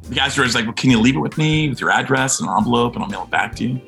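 A man's voice: medium pitch, very fast, vocal fry, hardly any pauses, faint music behind. A man telling a casual anecdote, acting out the other people's lines with animation. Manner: animated, acts out the other voices. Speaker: actor telling a story.

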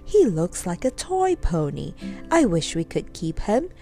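A woman's voice: fairly low pitch, wildly swooping pitch, measured pace, mellow, soft background music, exaggerated voice. A woman voicing a fond, gushing farmer's wife in a storybook reading. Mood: delighted.

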